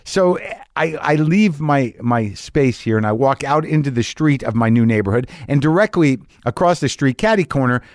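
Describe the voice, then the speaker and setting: A man's voice: medium pitch, lively intonation, normal speed, no room sound. A male podcast host rambles through a story in a restless, self-deprecating way, swearing freely. His voice sits in a middle register, and the sound is dry and close to the mic. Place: home garage studio. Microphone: studio mic with headphones.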